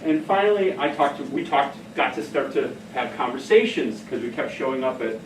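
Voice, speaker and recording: A middle-aged man giving a casual talk on behavioral care, telling stories in an animated way and laughing often. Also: medium pitch, fairly quick, background noise. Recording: echoey room from far off.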